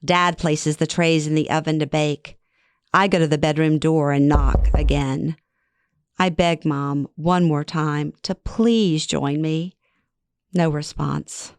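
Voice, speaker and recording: A middle-aged woman narrates her own memoir in a wry, self-deprecating, conversational tone. Her voice sits a little low. The recording is dry and close with no room sound. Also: fairly even intonation, slow, clean tone, no echo. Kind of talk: first-person story narration.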